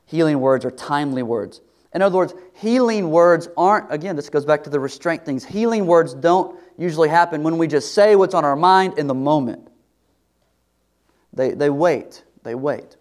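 A middle-aged man preaching a sermon to his congregation in a conversational way, sometimes dropping to a soft, confiding tone. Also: on the high side, lively intonation, normal speed. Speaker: pastor.

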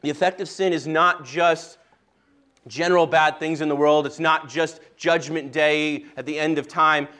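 A male pastor reading scripture aloud and then preaching in a measured, earnest way, with occasional restarts. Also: a little high, steady tone, pushed and bright.

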